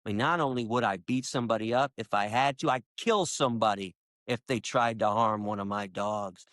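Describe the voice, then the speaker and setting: A man's voice: brisk, no room sound, clean studio sound. A man, an animal rights activist, speaking passionately in an interview and telling stories in an emphatic way. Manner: emphatic, acts out quoted dialogue with sharp jumps in pitch. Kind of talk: impassioned conversational storytelling. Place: lives in Michigan.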